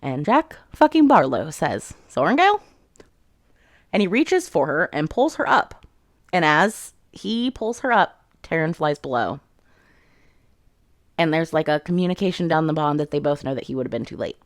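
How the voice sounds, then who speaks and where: A woman's voice: deep voice, big pitch swings, normal speed, no echo, studio quality. A woman recapping a fantasy novel in casual chat, swearing freely and quoting the characters as she goes. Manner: chatty, swears freely, quotes characters with 'she's like'. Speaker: book reviewer.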